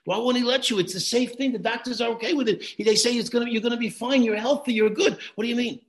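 A man's voice: a little high, animated, normal speed, fairly bright tone. A man voicing a desperate father, urgently pleading to save his sick son.

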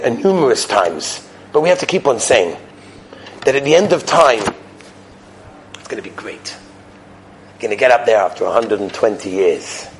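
A man giving a weekly Torah lecture, an animated storyteller who acts out the dialogue and swings between loud exclamations and soft asides. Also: medium pitch, slight background noise, poor audio. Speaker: Torah teacher.

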